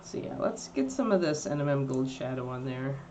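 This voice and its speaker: A woman's voice: lively intonation, brisk, mellow. Woman rambling on a painting stream, voice bouncing all over, faint hiss behind. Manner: rambling and chatty, baby-talking to her dog in a high voice. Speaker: miniature painting livestream host. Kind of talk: casual livestream chat while painting.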